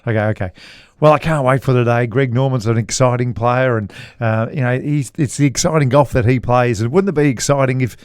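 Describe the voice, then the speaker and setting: A middle-aged Australian man unspools a meandering golf story, pausing and restarting and chuckling as he goes. His voice sits in a middle register. The sound is close and dry. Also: mid-range voice, clear, resonant tone, no room sound. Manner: rambling anecdotal storyteller, chuckles often. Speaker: podcast co-host, golf commentator. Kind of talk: casual storytelling chat.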